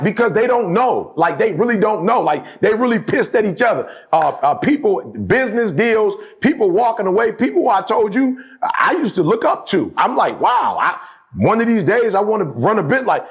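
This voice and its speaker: A middle-aged man talks in a casual, emphatic way, hammering his points home through repetition. His voice sits high and swings widely in pitch, and it carries a gravelly edge. He often checks in with his listener as he talks. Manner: emphatic, repeats phrases, keeps asking "you know what I'm saying". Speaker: guest speaker. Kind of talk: casual podcast conversation.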